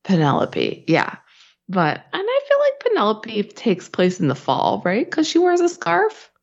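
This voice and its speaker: Husky congested woman, gravelly. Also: medium pitch, huge pitch swings, unhurried. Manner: swears casually, laughs often. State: congested from a sinus infection. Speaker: podcast co-host. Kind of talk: casual chat. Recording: dull lo-fi sound.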